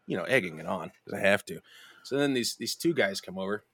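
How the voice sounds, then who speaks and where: A man hosting a podcast, telling a story in casual chat, profane and animated, jumping into high voices to mimic people. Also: fast talker, no room sound. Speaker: podcast host.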